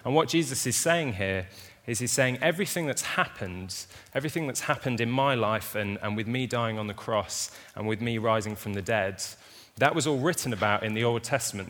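A man's voice: fairly low pitch, fairly bright tone, in a large hall. A man preaching a sermon to a congregation, talking casually and telling stories with touches of humor. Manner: casual, conversational storytelling with humor. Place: church hall with an audience.

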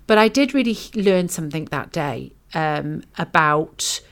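Reflective Welsh woman, lowish voice. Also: expressive, unhurried. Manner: reflective, teaching tone, frequent ums and asides. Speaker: podcast co-host. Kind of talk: faith podcast conversation.

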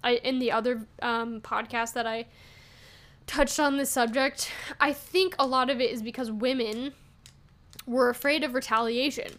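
Young woman, high-pitched, casual podcast talk, animated, venting, laughs often. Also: moderate pace. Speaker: podcast host.

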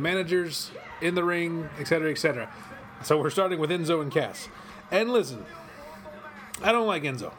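Rambling, profane man hosting. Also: on the high side. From western Kentucky, USA. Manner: rambling, profane, quick to excited outbursts. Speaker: host. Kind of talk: casual watch-along commentary. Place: cold home office studio.

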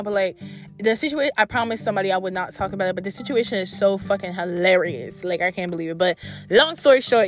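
A young adult woman telling a story to her camera in a blunt, profane, exasperated storytime rant. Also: mid-range voice. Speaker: vlogger.

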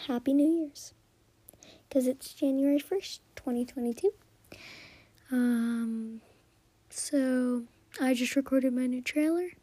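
A woman's voice: sits high, warm tone, no room sound. A young woman hosting a solo podcast, rambling casually with lots of fillers and some whispered asides. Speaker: podcast host. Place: quiet room at home.

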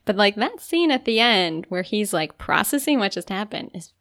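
A woman's voice: medium pitch, sing-song, moderate pace, a bit bright. A woman co-hosting a podcast, recapping an episode in casual chat, full of "like" and acted-out quotes. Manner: chatty, frequent "like", acts out quotes. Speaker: podcast co-host.

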